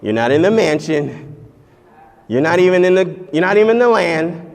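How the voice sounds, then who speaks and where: A man preaching a conference sermon, swinging from loud exhortation down to hushed, prayerful tones. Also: a little high, normal speed, gravelly. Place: conference hall. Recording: reverberant hall.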